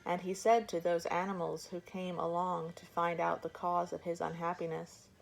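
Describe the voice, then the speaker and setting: A woman reading a folk tale aloud for children in a gentle, measured way. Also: lowish voice, little pitch movement, creaky. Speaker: storyteller. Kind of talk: storybook reading.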